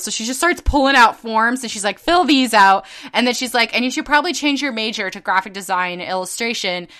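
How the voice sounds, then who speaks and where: A young woman with a bright, clean voice, talking casually on a podcast. She tells her stories with lots of energy, acts out the people in them, and swears freely. Her tone sounds clear and open. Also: medium pitch. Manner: animated, acts out quoted people, laughs often, swears casually. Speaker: podcast co-host. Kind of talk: casual storytelling chat.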